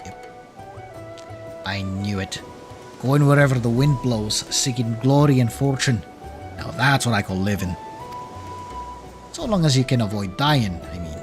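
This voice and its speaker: A man voicing a chatty, worldly male sea traveler from a game, with a gruff, drawling put-on accent. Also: medium pitch, unhurried, long pauses, close to an everyday voice. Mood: friendly. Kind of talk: reading game dialogue aloud in character. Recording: game music clearly behind. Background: game music.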